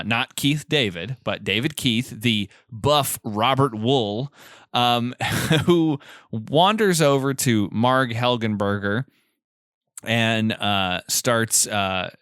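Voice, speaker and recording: A man's voice: mid-range voice, fairly bright tone, clean tone, no room sound, clean studio sound. A man co-hosting a podcast in casual chat, laughing often as he retells film scenes. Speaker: podcast co-host.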